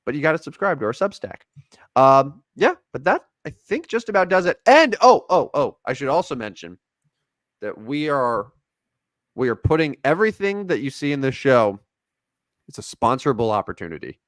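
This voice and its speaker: A man co-hosts a sports podcast in a rambling, joking way. His pitch swings widely as he talks. The sound is close and dry, with no room echo. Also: normal speed. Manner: rambling, jokey, animated sign-off. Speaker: podcast co-host. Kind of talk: casual sports podcast chat.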